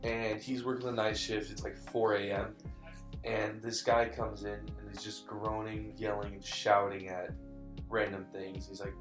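Young guy telling a creepy story, low-ish voice, keeps fumbling and restarting, roomy echo and faint guitar behind. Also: completely flat delivery, unhurried. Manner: rambling, restarts and apologizes, says dude and bro. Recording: echoey room, faint guitar music.

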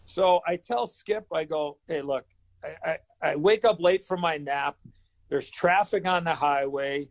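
A man's voice: a little high, unhurried. A man in his fifties, a former hockey player, telling a story in an interview and acting out the dialogue. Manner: animated storyteller who acts out dialogue.

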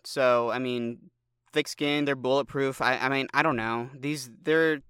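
Matter-of-fact man with a bright voice. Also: medium pitch, fairly even intonation, a little slow, clear, resonant tone, dry recording, clean studio sound. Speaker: podcast co-host. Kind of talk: casual movie review chat.

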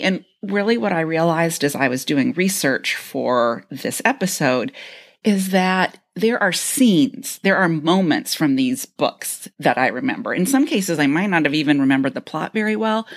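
A woman in her fifties co-hosting a podcast, reminiscing in a relaxed, reflective way. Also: deep voice. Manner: reflective, relaxed recollection with fillers. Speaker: podcast co-host. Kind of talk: casual chat.

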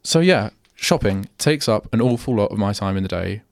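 A man's voice: fairly low pitch, animated, normal speed, gravelly, no room sound, studio quality. Rambling young man on student radio. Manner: rambling, self-interrupting, chatty. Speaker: radio host. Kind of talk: casual solo radio chat. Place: radio studio.

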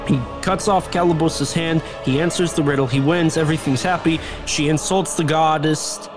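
A fairly high-pitched young man speaking at normal speed retells a movie plot with lots of animation as a podcast co-host. His comedic, casual chat includes laughing and squawking bird impressions, and music plays behind him.

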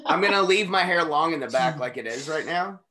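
A man's voice: a little high, a little fast, a crowd in the background. A man co-hosting a podcast, watching an old wrestling match and joking around in casual, profane chat. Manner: animated, profane, jokey riffing. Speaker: podcast co-host.

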